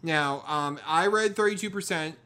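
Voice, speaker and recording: A man's voice: a little high, normal speed, pushed and bright. A man co-hosting a casual chat podcast, talking in a wry, joking way. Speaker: podcast co-host.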